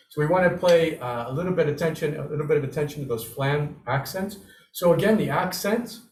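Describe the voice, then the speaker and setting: A quick-paced man with a darkish tone, pitched on the high side, runs an online snare drum lesson as the instructor. He stays upbeat and encouraging while working through scores and voicing the rhythms aloud. There's a little hiss or hum, and the call audio is roomy and a bit distant.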